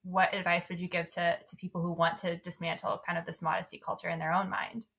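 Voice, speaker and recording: A woman's voice: lowish voice, level tone, fast talker, vocal fry, fairly bright tone, slightly rough. A woman interviewing a guest, asking questions in a hesitant, filler-heavy way. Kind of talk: conversational interview.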